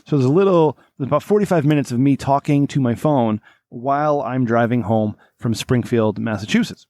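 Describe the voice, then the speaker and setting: A middle-aged man hosting a crude, casual podcast, telling rambling stories with lots of swearing and excited outbursts. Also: mid-range voice, brisk, no echo, clean studio sound. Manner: profane, excitable storyteller. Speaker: podcast host.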